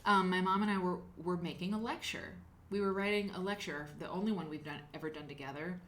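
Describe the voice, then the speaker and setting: A woman's voice: on the low side, fairly even intonation, quick pace, fairly bright tone, a little hiss or hum. A woman hosting a live quilting show, chatting casually and rambling while she thanks viewers by name. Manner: chatty, rambling, reads chat names aloud. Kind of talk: casual livestream chat.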